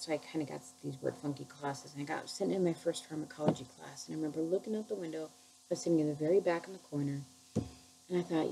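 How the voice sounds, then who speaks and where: Heartfelt woman with a gravelly low voice. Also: steady tone, dark tone, a little hiss or hum, poor audio. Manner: earnest, halting, heartfelt. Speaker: chemical dependency counselor. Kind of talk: personal recovery story.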